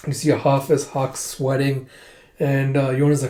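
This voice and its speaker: A man casually retelling a comic chapter, lively and quick to react. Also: medium pitch, echoey room.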